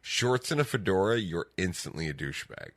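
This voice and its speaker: A man's voice: deep voice, big pitch swings, brisk, fairly bright tone, no echo, clean studio sound. A man co-hosting a podcast, rambling through stories with lots of fillers and frequent laughter. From Canada. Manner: rambling storyteller, laughs often, many "like" fillers. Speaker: podcast co-host. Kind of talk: casual chat.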